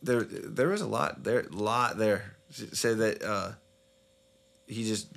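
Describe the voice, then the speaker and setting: A man's voice: lowish voice, slow, gravelly, fairly bright tone. A man co-hosting a podcast, talking loosely and swearing casually as he trails off and restarts. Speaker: podcast co-host. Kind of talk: casual chat. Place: recording studio.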